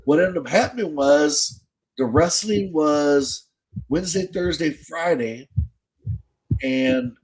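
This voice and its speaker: A man's voice: a little high, slow, pauses often, a little mellow, poor audio. Man telling a rambling, profane story. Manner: rambling, profane, slangy, many restarts. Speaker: podcast host. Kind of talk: casual storytelling.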